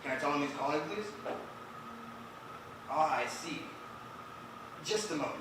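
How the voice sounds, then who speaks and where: A man acting on stage as a flustered, bossy host trying to keep everyone calm. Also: on the high side, unhurried, background noise. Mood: hushed. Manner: exasperated, bossy. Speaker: stage actor. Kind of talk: live stage play. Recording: echoey stage recorded from far off.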